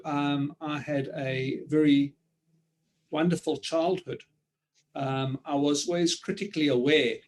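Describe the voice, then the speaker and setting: A South African man speaking reflectively over a video call, with many pauses and ums. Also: medium pitch, a little mellow. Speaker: author guest. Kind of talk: reflective conversation.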